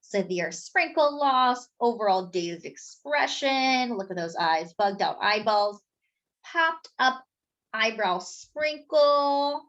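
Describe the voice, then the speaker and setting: A woman reading a children's picture book aloud in an expressive, animated way, with asides to her listeners. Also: fairly high pitch, takes it slowly. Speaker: storyteller. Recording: dull lo-fi sound.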